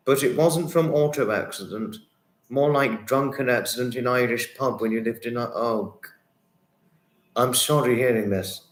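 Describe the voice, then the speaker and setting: A man hosting a livestream, chatting warmly with viewers and reading their comments, effusive and sympathetic, often repeating himself. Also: medium pitch. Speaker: livestream host. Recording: roomy echo.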